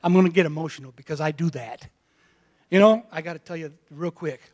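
A man preaching a sermon in a folksy storytelling way, moving from quiet asides to loud calls to the congregation. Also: on the high side, brisk. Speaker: pastor.

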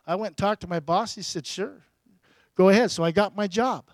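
A pastor preaching a storytelling sermon, his delivery swinging between loud bursts and hushed asides. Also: high voice, quick pace, dry recording.

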